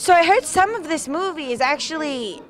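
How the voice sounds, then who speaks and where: A bubbly woman with a high, very lively voice interviews guests on a red carpet. She is upbeat and teasing, chatting casually at an outdoor premiere. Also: normal speed.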